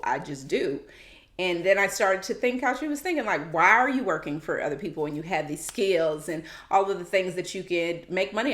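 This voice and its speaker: A woman in her thirties hosting her own podcast, chatting casually and animatedly, with quick asides and quoted remarks from friends. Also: fairly low pitch. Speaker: podcast host. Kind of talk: casual solo podcast chat. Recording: roomy echo.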